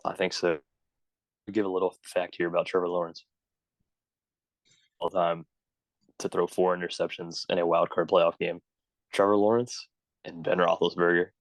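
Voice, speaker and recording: A man's voice: sits low, level tone, moderate pace, long pauses, no echo, rough recording. A young man co-hosting a casual sports podcast, tossing in short, wry quips. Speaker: podcast co-host.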